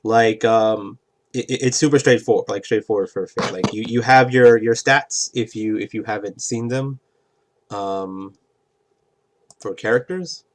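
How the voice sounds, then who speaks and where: A man with a fairly low voice explains a tabletop game's rules at a measured pace. He rambles casually and keeps checking in with "right?".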